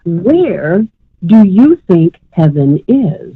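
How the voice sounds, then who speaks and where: A woman quoting an old male spirit-guide professor in a slow, deliberate teaching cadence, heard over a tinny phone line. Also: lowish voice, very animated, husky, heavily acted. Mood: gently instructive.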